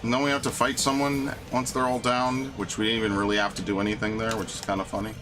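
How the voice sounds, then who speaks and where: Speaking fast in a lowish voice with little pitch movement, a man streams a video game. As a gaming streamer he keeps up casual live commentary that's grumbling, ranty and profane, over game music.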